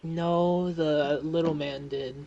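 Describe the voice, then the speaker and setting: A man's voice: a little high, steady tone, slow pace, warm tone, dull audio. A young man acting as game master, narrating a tabletop game in a loose, rambling way with many fillers. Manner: rambling, filler-heavy, often laughing.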